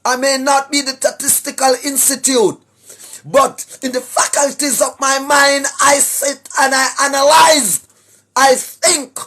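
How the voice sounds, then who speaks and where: A man with a Jamaican accent preaching to online viewers in a sing-song, rhetorical way, often asking "right?" and clearing his throat. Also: extremely high pitch, steady tone, a little slow, bright, forceful tone. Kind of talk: preachy livestream address to viewers. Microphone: speaking straight to a camera or phone.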